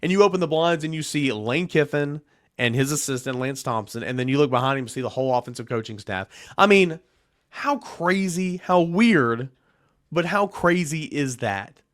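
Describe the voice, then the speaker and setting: A man hosting a sports podcast, retelling a recruiting story in an animated way and acting out the quotes. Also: fairly high pitch, moderate pace, no room sound, clean studio sound. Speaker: podcast host. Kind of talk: casual sports podcast monologue.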